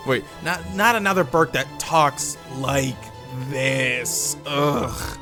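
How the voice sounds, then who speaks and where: A man live-streaming a game playthrough, reading out its text and reacting loudly with swearing. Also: medium pitch, very slow. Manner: excitable, swears at surprises. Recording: music playing under the voice.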